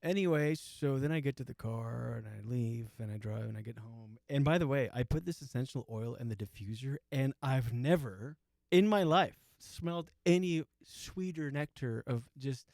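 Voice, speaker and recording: A man's voice: mid-range voice, moderate pace, vocal fry, few pauses, a little mellow, no echo, studio quality. A man in his forties telling a comic story, rambling and self-mocking, with lots of restarts and asides. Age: 40s. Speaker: comedian host. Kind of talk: comedic storytelling monologue.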